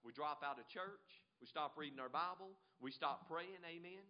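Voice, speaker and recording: A man preaching a sermon, emphatic, swinging between loud peaks and low asides, often asking "amen?" of the congregation. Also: moderate pace, dull audio. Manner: emphatic, rises and drops sharply, repeats "amen?" to the congregation.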